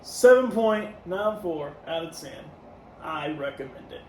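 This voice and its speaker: A high-voiced man speaks at a measured pace, far from the mic in an echoey room with faint noise. He's a podcast co-host in casual review chat about albums, relaxed, laughing easily and scoring things out of ten.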